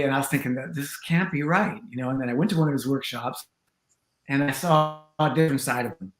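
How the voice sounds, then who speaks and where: A man's voice: medium pitch, fast talker. A man who teaches tantra, a guest telling a long personal story in a chatty, rambling way, full of "you know" and acted-out quotes. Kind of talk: storytelling in a conversation. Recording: roomy echo.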